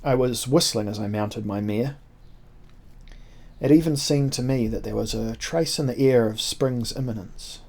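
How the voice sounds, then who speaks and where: A man reading a historical adventure novel aloud in the first person. His voice sits at an ordinary middle pitch for a man, and his storytelling is measured and expressive, with shifting emphasis from phrase to phrase. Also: vocal fry. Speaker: narrator.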